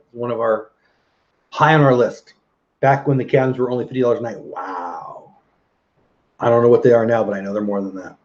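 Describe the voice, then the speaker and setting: Livestream host, man, middle-aged, mid pitch, chatty, dull lo-fi audio. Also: darkish tone. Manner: chatty, reads viewer comments aloud, laughs easily. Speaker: livestream host reading chat. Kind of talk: casual live chat.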